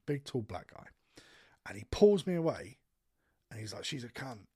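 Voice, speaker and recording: A man's voice: mid-range voice, normal speed, husky. A man co-hosting a podcast, telling a long, sweary personal story in casual chat. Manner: sweary, animated anecdote-telling. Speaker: podcast co-host.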